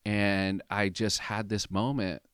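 A man in his fifties telling a personal story as a podcast guest, animated and emotional, acting out what people said. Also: on the low side, slow, clear, resonant tone, no room sound, studio quality. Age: 50s. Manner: animated, emotional storyteller who acts out quoted dialogue.

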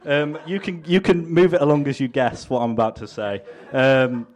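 A man performing a mock political campaign speech on stage, pompous and deadpan, and often breaking into laughter. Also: mid-range voice, normal speed. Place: stage before a live audience.

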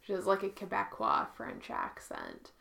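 A woman's voice: medium pitch, wildly swooping pitch, unhurried, vocal fry, bright, forceful tone. A woman co-hosting a casual chat who tells anecdotes and laughs often along the way. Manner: laughs often while telling stories.

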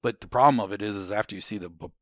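An American military veteran tells war stories in conversation, speaking very fast in a fairly low voice. He is blunt and swears, rambling through restarts and many "you know" fillers. The recording is dry and of studio quality.

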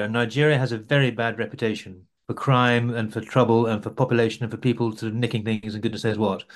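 A man answering interview questions about his overland travels, rambling with frequent restarts. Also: medium pitch.

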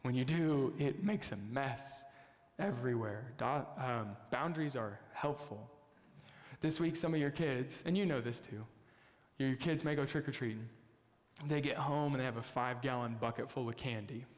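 A young man from the United States preaching a sermon as a pastor, telling a family story with lively, excitable bursts. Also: mid-range voice, normal speed. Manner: storytelling, animated, jumps to loud excited bursts. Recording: long hall reverb.

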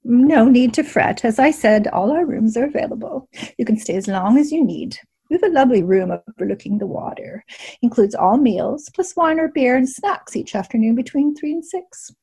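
A woman's voice: on the high side, animated, normal speed, warm tone, slightly rough. A woman playing a prim silver-haired innkeeper. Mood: gracious. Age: older. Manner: proper and precise speech. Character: older woman innkeeper, proper, warm, precise.

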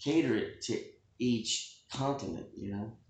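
A man in a casual joking chat, telling a rambling, deadpan tale full of swearing. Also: medium pitch, measured pace. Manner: rambling, deadpan storytelling with profanity. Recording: echoey room.

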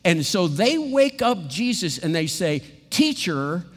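A man preaching a sermon in a lively, animated way, often acting out what others say. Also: high voice, unhurried, breathy edge, in a large hall, faint music behind. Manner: animated, acts out quotes in playful voices.

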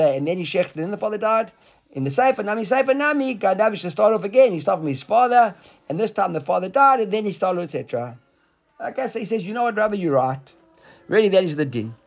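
A man leads a Talmud study session with a slightly higher voice. He explains each step with animation, slipping into the rabbis' lines as he reads them, and checks in with a student as he goes. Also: fast. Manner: lively explaining, acts out the rabbis' words, quizzes a student. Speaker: Talmud teacher. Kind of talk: explaining a text in a study class.

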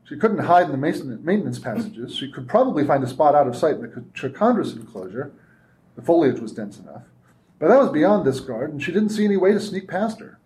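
A man reads his own fiction aloud in a steady, measured way at a convention reading. His voice sits slightly high for a man. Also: slight background noise.

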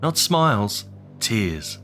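A man's voice: mid-range voice, steady tone, brisk, soft background music, pitched above the performer's own voice, lightly acted. A man doing a scolding upset mother. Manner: sharp, reproachful. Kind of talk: horror audio drama narration.

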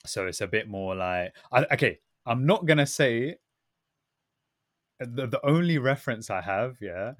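A man's voice: mid-range voice, lively intonation, measured pace, no echo, studio quality. A man with a London accent, co-hosting a podcast in a laid-back casual chat, dropping bits of London slang. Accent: London English. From United Kingdom. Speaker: podcast co-host.

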